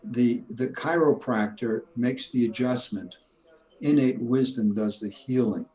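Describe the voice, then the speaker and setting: A man's voice: medium pitch, a little slow, dark tone, rough recording. An older man, a retired chiropractor, talking in an emphatic, preachy way in a casual interview. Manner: emphatic, preachy, laughs at his own points.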